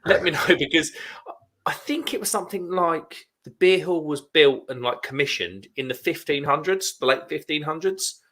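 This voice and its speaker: A man co-hosting a beer livestream, telling an animated story and laughing as he goes. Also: on the high side, moderate pace. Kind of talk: casual drinking chat.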